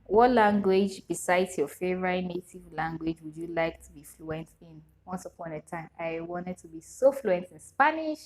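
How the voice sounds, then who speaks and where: A young woman with a Nigerian English accent chats straight to camera, reading out questions and answering them one after another. Her voice sits a little low for a woman, and she breaks into laughter often. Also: animated, moderate pace, few pauses, a little mellow. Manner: chatty, reads questions aloud then answers with frequent laughter. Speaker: vlogger. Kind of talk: casual Q&A chat to camera.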